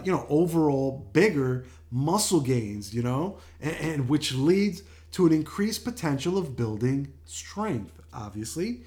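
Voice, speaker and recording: A man's voice: medium pitch, darkish tone. An older man hosting a health show in a casual monologue, chatty, often laughing and full of fillers and restarts.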